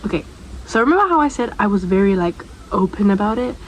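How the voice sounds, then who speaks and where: A woman's voice: mid-range voice, very animated, fast, poor audio. A young woman tells a personal story straight to her viewers in a loose, rambling way, often stopping to ask them something. Her voice sits in the middle range, and a faint hiss runs under the recording. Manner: chatty and rambling, with asides to the viewer. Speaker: storytime vlogger. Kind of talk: casual storytime chat.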